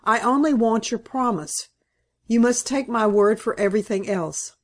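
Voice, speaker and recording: A woman reading aloud, voicing a dignified older father who speaks quietly and gravely. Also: fairly high pitch, moderate pace, close to an everyday voice.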